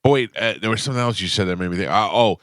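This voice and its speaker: A man with a lowish voice hosts a radio show and rambles through stories in easy banter. He is close on a studio microphone, and the sound is dry with no room around it. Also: racing, no echo. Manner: rambling, animated storyteller.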